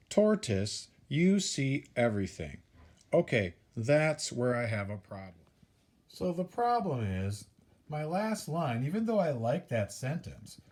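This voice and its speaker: A man's voice: medium pitch, dark tone. A man teaching a class, explaining step by step in a patient way and counting things out as he repeats the key points. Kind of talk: classroom instruction video.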